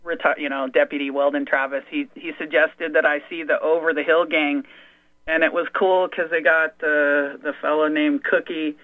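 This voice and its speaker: A man's voice: fairly high pitch, flat delivery, normal speed, no echo. A man talking as a radio show guest, a chatty and enthusiastic storyteller. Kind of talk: conversational radio talk. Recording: dry, phone-like radio audio.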